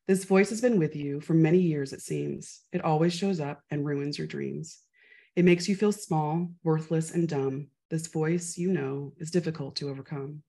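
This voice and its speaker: Gravelly low-voiced woman reading poetry. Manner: rhythmic, measured, softly expressive. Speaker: poet. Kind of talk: spoken-word poetry reading.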